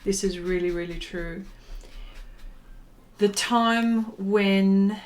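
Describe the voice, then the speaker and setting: A woman hosting a live art stream, answering viewer questions in a halting, emotional way and laughing between words. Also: mid-range voice, fairly even intonation. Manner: slow, halting and emotional, trying not to cry, laughing. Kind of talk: chatty live stream while painting, reading viewer questions.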